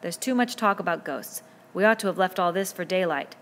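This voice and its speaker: A woman's voice: fairly low pitch, a little fast, fairly bright tone, slight background noise, natural voice. A woman voicing an earnest boy leader who speaks insistently in an audiobook reading.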